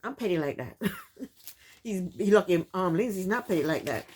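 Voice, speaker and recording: A woman's voice: lowish voice, expressive, normal speed, a little mellow, slight background noise. A woman recapping a reality TV show in casual commentary, sassy and exasperated, firing off rhetorical questions.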